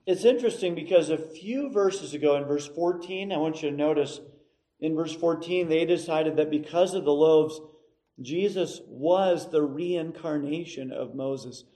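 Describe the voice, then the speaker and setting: A middle-aged man preaching a sermon, emphatic and measured, with dramatic pauses. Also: a little high, dark tone, rough recording. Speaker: pastor.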